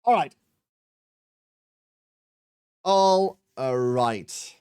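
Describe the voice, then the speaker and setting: A man's voice: mid-range voice, expressive, very slow, dark tone, clean tone, dry recording, studio quality. A man in his thirties streaming a game, chatting casually and rambling with self-mocking humour as he answers chat. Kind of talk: casual live-stream chat while gaming.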